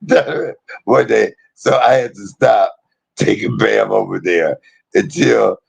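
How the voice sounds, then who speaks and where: A man, casually telling a personal story to his viewers, animated, laughing often and swearing freely. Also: on the low side, a little slow, gravelly, slightly rough, poor audio.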